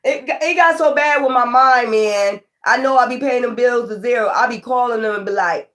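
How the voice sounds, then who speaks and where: A woman tarot reader ranting casually to her viewers, profane, animated and exasperated. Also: fairly high pitch, moderate pace, hardly any pauses.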